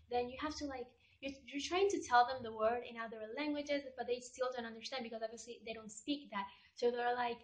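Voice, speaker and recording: Woman vlogger, slightly high-pitched, casual and chatty, a storyteller. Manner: chatty, storytelling with acted-out quotes. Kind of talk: casual chat to camera.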